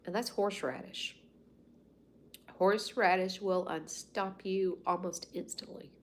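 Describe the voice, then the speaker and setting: Chatty Southern woman, lower voice. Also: steady tone, measured pace. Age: 50s. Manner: rambling and folksy, with soft asides. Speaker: livestream host. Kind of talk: casual chat with live viewers. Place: at home.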